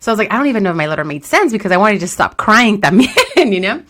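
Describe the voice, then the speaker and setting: A woman co-hosting a podcast, telling an animated story, acting out quotes and laughing often. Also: medium pitch, racing. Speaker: podcast co-host. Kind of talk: casual chat.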